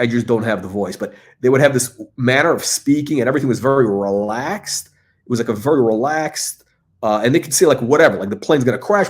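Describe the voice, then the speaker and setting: A middle-aged man hosting a casual livestream, talking in a rambling way with lots of fillers and restarts. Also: medium pitch. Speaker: host.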